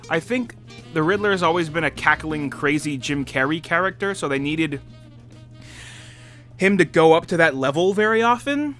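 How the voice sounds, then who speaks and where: A man's voice: high voice, a bit bright. A young man giving a casual, rambling film review, full of "like" fillers and frequent laughter. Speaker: movie reviewer.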